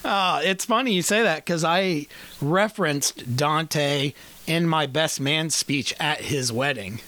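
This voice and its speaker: A man hosting a podcast in a rather high voice, talking with friends over the phone. He swears freely and laughs easily. His sentences wander and restart as he thinks out loud. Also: slow pace. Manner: profane, laughs often, rambling restarts. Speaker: podcast host. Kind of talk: casual phone chat.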